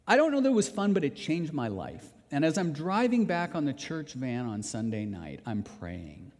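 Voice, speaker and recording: A man's voice: a little high, moderate pace. Earnest male pastor in a reverberant hall. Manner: animated storytelling, earnest and emphatic. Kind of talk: sermon. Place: church sanctuary.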